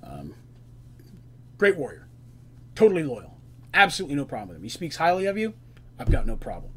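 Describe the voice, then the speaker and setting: A man's voice: a little high, huge pitch swings, fairly quick, slightly rough, full character voice. A man voicing an older male minotaur officer who talks bluntly, in a tabletop game. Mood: approving.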